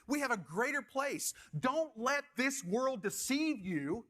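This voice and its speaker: A high, bright male voice with a lilt carries this sermon. The middle-aged pastor tells animated stories and stumbles over repeated words in his excitement, then drops to quieter urging. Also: slow pace.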